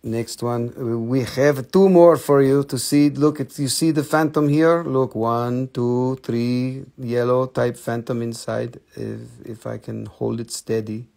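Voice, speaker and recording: A man's voice: mid-range voice, fairly even intonation, slow, gravelly, few pauses, a little mellow. A man with a Russian accent hosting a live crystal sales stream, playful and in broken English. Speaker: online crystal seller.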